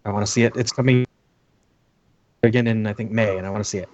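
A man's voice: fairly low pitch, fairly even intonation, quick pace, a crowd in the background. A man appearing as a guest on a podcast, giving brief, easygoing replies. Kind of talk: casual chat.

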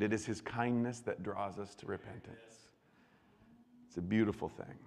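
A man's voice: fairly low pitch, moderate pace, gravelly, darkish tone, in a large hall. An adult man preaching a sermon as a pastor, talking conversationally and often repeating words and restarting. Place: church.

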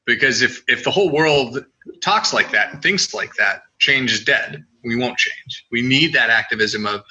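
A man with a tense, sharp, bright voice, chatting on a podcast. He talks in an animated, swearing, storytelling way, pushing his points hard in casual conversation. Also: medium pitch, moderate pace, lo-fi sound. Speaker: podcast guest.

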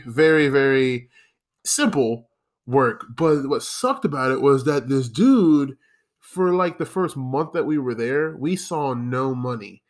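Profane rambling podcast guy. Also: mid-range voice. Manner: profane, rambling, self-deprecating. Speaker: podcast host. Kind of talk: casual storytelling monologue.

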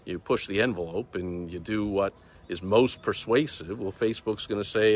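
A man's voice: lowish voice, normal speed. A man hosting a casual business video, talking outdoors in a light breeze, emphatic and sarcastic, repeating words for stress. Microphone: phone or camera recording himself.

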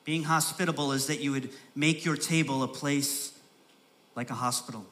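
A man preaching a sermon as pastor, repeating phrases for emphasis and building from soft, slow stresses to raised, urgent delivery. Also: medium pitch, fairly even intonation.

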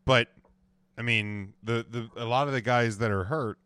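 Calm measured sports talk man. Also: medium pitch, clean tone, no echo. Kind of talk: sports debate.

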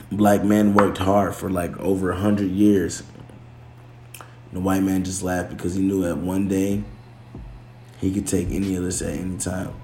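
A man's voice: deep voice, steady tone, normal speed, dark tone, slight background noise. A man talking casually to camera, loose and slangy, swearing, restarting and correcting himself as he goes. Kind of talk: casual chat. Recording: echoey room.

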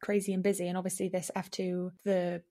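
A woman's voice: fairly low pitch, fairly quick. A young woman, co-hosting a podcast in casual chat, telling a story with lots of fillers and acted-out quotes. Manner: animated storytelling, acting out quotes, many fillers. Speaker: podcast co-host.

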